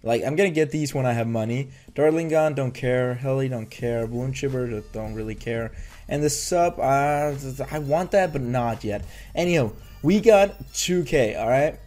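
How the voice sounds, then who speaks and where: A man's voice: mid-range voice, moderate pace, darkish tone. A young man giving casual, nervous, rambling commentary over his own gameplay, often restarting his sentences. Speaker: gaming YouTuber.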